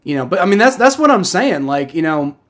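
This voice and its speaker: A man's voice: high voice, sing-song, fairly quick, fairly bright tone. A young man hosting a live football reaction stream, talking in a heated, profane rant and often repeating himself and restarting. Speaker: livestream host reacting to football.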